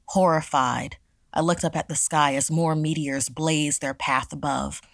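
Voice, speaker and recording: A woman narrating a first-person horror story in a steady, measured way. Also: deep voice, gravelly, no room sound.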